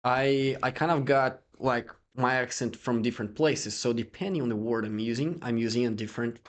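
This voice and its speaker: A man's voice: mid-range voice, brisk. A young Brazilian man with a Brazilian Portuguese accent, a guest chatting casually in English and acting out voices in his stories. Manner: animated storyteller who acts out quoted voices. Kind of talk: casual interview chat in English.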